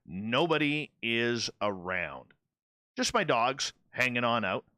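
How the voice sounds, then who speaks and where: Bright-voiced man hosting a radio panel. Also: medium pitch, slow pace, no echo, clean studio sound. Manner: animated anecdote-telling, acts out both sides of dialogue. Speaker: radio show host. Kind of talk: casual storytelling on a panel show.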